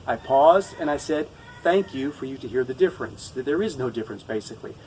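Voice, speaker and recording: A man who speaks English natively, teaching a pronunciation lesson to camera, patient and repeating each example slowly. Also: mid-range voice, animated, a little mellow, recorded from a distance, a little hiss or hum, low-quality recording.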